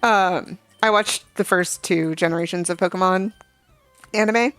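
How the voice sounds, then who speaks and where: A young adult woman's lowish, smooth, slightly bright voice moves a little slowly as she streams a game, chatting casually through a rambling, filler-heavy story with asides. Faint game music plays, and there's no room sound.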